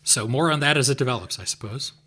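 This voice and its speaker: A man's voice: mid-range voice, quick pace, pushed and bright, slightly rough. A man co-hosting a podcast, rambling casually with many fillers. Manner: rambling, lots of "like" and "um". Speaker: podcast co-host. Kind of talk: casual chat.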